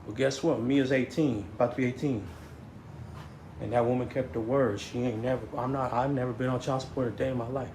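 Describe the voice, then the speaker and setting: A man's voice: medium pitch, steady tone, moderate pace, darkish tone, faint music behind. A man, telling a story in a rambling way, stammering and restarting, saying "you know what I'm saying" over and over. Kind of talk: casual storytelling. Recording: echoey room, faint noise.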